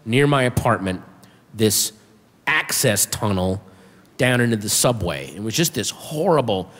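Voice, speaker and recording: A man doing a stand-up comedy set, telling a story with animated delivery and shouting his punchlines. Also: medium pitch. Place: comedy club stage with audience. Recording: reverberant room with faint audience.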